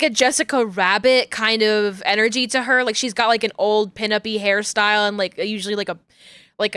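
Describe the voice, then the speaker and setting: A woman's voice: medium pitch, fairly bright tone, smooth, dry recording. A young adult woman streamer chatting casually and rambling with many fillers while playing a game. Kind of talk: casual chat while gaming.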